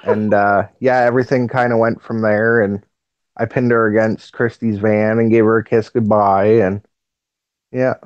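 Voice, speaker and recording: Easygoing man guest, halting replies, dry close sound. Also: lowish voice, level tone, no echo, lo-fi sound. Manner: laid-back, brief, hesitant. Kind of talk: casual chat.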